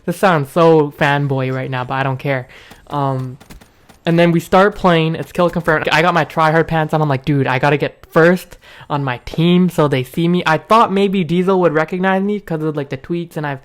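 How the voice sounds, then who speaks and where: A young man hosting a gaming video, telling a rambling story with bursts of excitement. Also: a little high, moderate pace. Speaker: gaming channel host.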